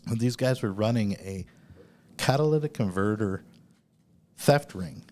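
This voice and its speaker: A man's voice: on the low side, animated, unhurried, a little mellow. A man hosting a podcast, telling news stories in a casual, profane way during a live broadcast from a store. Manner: profane storytelling of news items. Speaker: podcast host. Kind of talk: casual chat.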